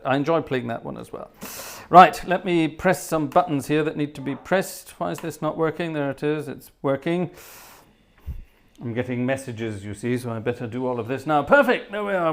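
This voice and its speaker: Chatty man greeting his viewers. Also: on the high side. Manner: cheerful, chatty, reads out names from the chat. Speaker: livestream host and organist. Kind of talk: casual live-stream chat, greeting viewers. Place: home organ studio.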